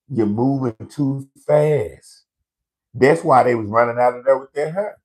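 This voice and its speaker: A man's voice: mid-range voice, vocal fry. A man hosting a live comedy show, ranting in a brash, profane storytelling way to online viewers.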